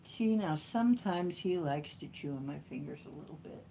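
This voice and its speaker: A woman's voice: low voice, animated, moderate pace, few pauses, noisy background. A woman chatting casually at home about her cat, in a doting, sing-song baby-talk manner. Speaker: channel host.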